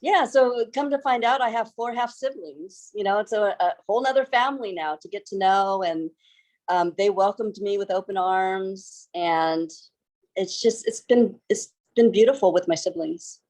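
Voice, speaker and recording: A woman's voice: medium pitch, normal speed, a little mellow. A woman author answering interview questions in an earnest, reflective way, with some hesitant restarts. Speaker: author, guest.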